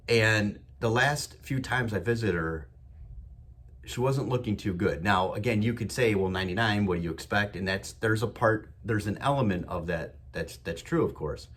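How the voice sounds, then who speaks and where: A man's voice: on the low side, slightly rough. A man hosting his own show, talking in an enthusiastic, emphatic motivational monologue with a lot of repetition. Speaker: podcast host.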